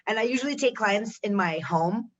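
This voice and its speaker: A woman from Chicago, a guest on a podcast, chatting casually with animated, swearing asides. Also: fairly high pitch, normal speed, dull audio, slight background noise.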